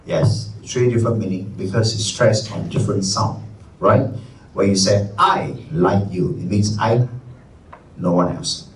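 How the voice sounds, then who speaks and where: A man with a Malaysian English accent teaching a live workshop, energetic and conversational, stressing key words. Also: lowish voice, measured pace. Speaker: trainer. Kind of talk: live presentation skills workshop. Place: training room. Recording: echoey room, distant mic, faint room noise.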